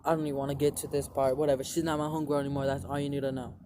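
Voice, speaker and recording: A man's voice: mid-range voice, flat delivery, racing, noisy background. A young man telling a long personal story to his viewers in a rambling, profane way, full of "like" fillers. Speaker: vlogger. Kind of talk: casual storytelling to camera.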